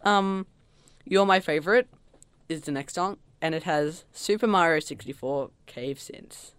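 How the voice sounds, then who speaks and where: A podcast co-host in casual chat, talking fast and bursting into loud mock quotes. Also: mid-range voice, clear, resonant tone, no room sound. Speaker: podcast co-host reviewing an album.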